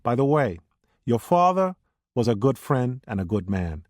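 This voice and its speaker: A man's voice: medium pitch, very animated, normal speed, a little mellow, no room sound, studio quality, natural voice. A man voicing a blunt, cold male mafioso with a heavy Brooklyn accent, read in an audiobook. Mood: warm.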